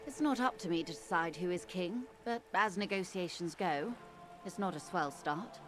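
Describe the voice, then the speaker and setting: Music plays under a woman's natural, fairly low-pitched voice as she acts for a video game. She portrays a formal, poised middle-aged woman negotiator, her delivery composed, measured and polished in diction.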